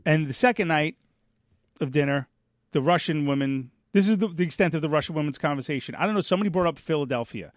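A man's voice: on the high side, lively intonation, fast, no room sound, studio quality. A man co-hosting a podcast, telling a rambling story in casual chat and losing his thread now and then. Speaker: podcast co-host.

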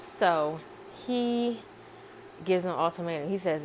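Low-voiced woman retelling a story. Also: a little slow, slight background noise. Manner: rambling, repetitive, many fillers. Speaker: amateur screenwriter.

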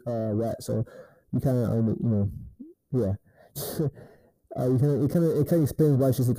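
A man tells a story in a loose, rambling rant, swearing freely and checking in with the listener again and again. His voice is very dark and mellow, and the sound is close and dry. The delivery is casual and unscripted. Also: mid-range voice, dry recording, low-quality recording. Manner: rambling and profane, with many repeated "right?" tags. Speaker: podcaster.

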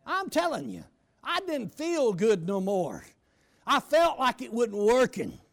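A man preaching a storytelling sermon, shouting and slowing down for emphasis. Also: very high voice, huge pitch swings, creaky.

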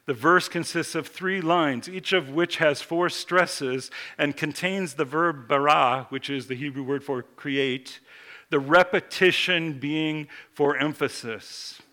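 A man preaching a sermon in a measured way, slowing down when he reads scripture and building emphasis on key points. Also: on the high side, sharp tone.

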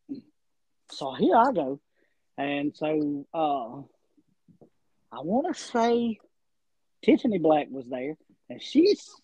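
In dull, lo-fi audio with no echo, a male wrestler guesting on a podcast spins out a lengthy tale, lively and wandering, performing each quote in character. His voice is high-pitched and slightly rough.

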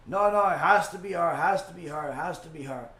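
A man's voice: fairly high pitch, fast, vocal fry, a bit bright, roomy sound. A man voicing a distraught young man who pleads and repeats himself. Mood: distraught pleading.

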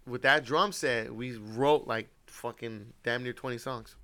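A man's voice: mid-range voice, measured pace, pushed and bright. A young man and podcast host telling a long, rambling, profane story in casual chat.

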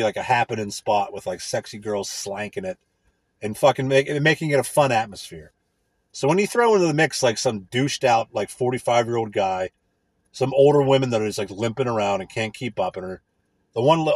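A man in a casual, profane rant, crude, rambling and sarcastic, with a husky voice. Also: medium pitch, dry recording.

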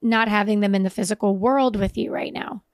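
A woman's voice: mid-range voice, steady tone, a little fast, no room sound, clean studio sound. Earnest woman podcast co-host. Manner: earnest, reflective, with hesitant fillers. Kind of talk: casual chat.

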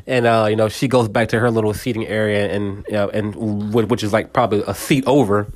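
Man, podcast host, casual movie recap, rambling, repetitive, mid-pitched voice. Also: normal speed. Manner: rambling, many fillers and repeats. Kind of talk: casual solo movie retelling.

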